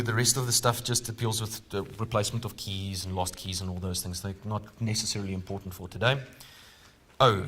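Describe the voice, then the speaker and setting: A man's voice: fairly low pitch, a bit bright. South African man running a legal seminar. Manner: conversational, quizzes the audience with rhetorical questions. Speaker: legal trainer. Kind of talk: live training seminar.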